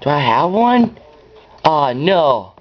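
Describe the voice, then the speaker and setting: A man giving rambling, excitable gameplay commentary as host of his own channel, now and then breaking into high yells. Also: slow pace. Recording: dull lo-fi recording.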